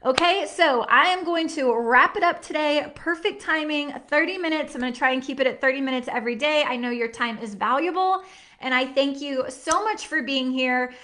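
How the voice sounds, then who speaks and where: A woman in her thirties leads a live workshop, her high voice earnest and heartfelt. She talks in a chatty, encouraging way and leans on casual fillers as she goes. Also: moderate pace, fairly bright tone. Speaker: workshop host and nutrition coach.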